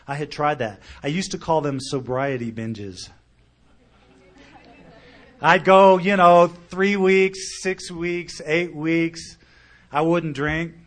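Animated man telling a recovery story. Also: a little high. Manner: animated storyteller, quotes others, swings from loud to quiet. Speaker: speaker sharing recovery story. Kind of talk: storytelling talk at a recovery meeting.

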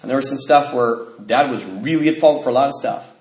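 A man sharing his story with a group, animated and laughing often, jumping high in pitch when he acts out other people. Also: fairly quick, reverberant.

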